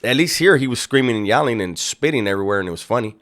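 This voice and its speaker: A man's voice: mid-range voice, animated, rapid-fire, a bit bright. A man hosting a reaction video, making sarcastic, profane and mocking commentary. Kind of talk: casual commentary.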